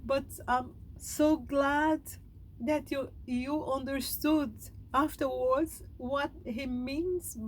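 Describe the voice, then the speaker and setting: Slow, high-voiced emotional woman speaker. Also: low-quality recording. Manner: halting, heartfelt, emotional. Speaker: spiritual speaker. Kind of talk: meditative reflection.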